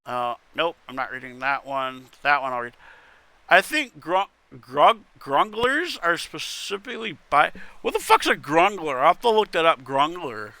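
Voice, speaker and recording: A man's voice: fairly high pitch, lively intonation, moderate pace, sharp tone, no echo. A man reading internet posts aloud in casual commentary, wry and muttering, with casual swearing. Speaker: content creator reading posts.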